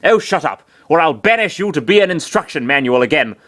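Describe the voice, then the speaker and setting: A man's voice: a little high, sing-song, very slow, pitched above the performer's own voice, heavily acted. Male reader doing irritable giant-hand ruler, snappy and raised, amateur story reading. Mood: annoyed.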